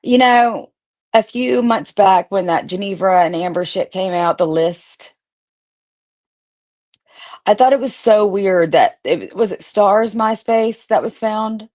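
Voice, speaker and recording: A woman's voice: mid-range voice, slow, darkish tone. Profane, sarcastic woman ranting. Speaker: streamer reading her old text messages. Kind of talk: casual ranting commentary.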